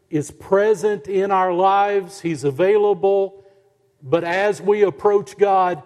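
A man preaching a sermon as pastor, slow and emphatic, with dramatic pauses and rising stresses on key words. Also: sits high, a little mellow, in a large hall. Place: church sanctuary.

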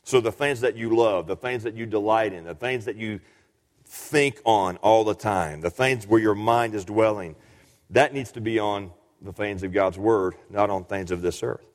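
A man preaching a sermon, his voice pitched slightly low and carrying a long reverb from a large hall. He teaches earnestly, often halting and repeating words before pushing on.

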